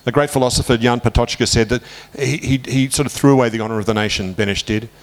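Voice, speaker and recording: An Australian man in his sixties, an author interviewed about his book, talking through history in an animated way and jumping up in pitch when he quotes people. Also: fast talker. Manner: animated, lifts pitch sharply when quoting others. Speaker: author guest. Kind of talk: conversational interview, storytelling.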